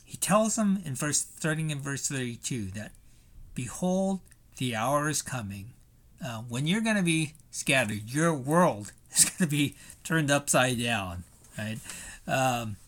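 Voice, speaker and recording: A man's voice: medium pitch, lively intonation, measured pace, fairly bright tone. A man preaching a sermon in a conversational way, thinking aloud with fillers and rhetorical questions. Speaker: pastor.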